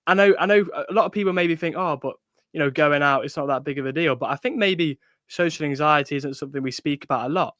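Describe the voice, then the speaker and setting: A man's voice: a little high, quick pace, a bit bright, dry recording, clean studio sound. A young man co-hosting a podcast, talking in a supportive, conversational way. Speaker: podcast co-host. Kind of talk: casual chat.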